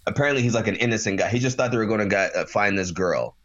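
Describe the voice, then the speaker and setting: A man's voice: on the low side, rapid-fire, dull audio. A man in casual chat, animatedly retelling a show's plot with lots of fillers. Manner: animated storyteller with many fillers.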